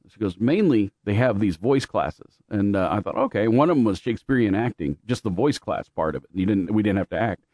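A man from Louisiana and Oklahoma telling stories in a relaxed, rambling way, laughing often between thoughts. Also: on the low side, brisk, dry recording. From born in Louisiana, raised mostly in Oklahoma. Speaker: guest with radio and theater background. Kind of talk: casual chat.

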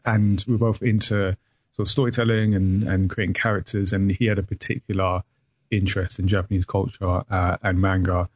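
Low, flat-voiced British man. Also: normal speed, dry recording. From Britain. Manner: relaxed, hesitant, many fillers. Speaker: guest, manga publisher. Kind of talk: casual interview. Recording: dull lo-fi sound.

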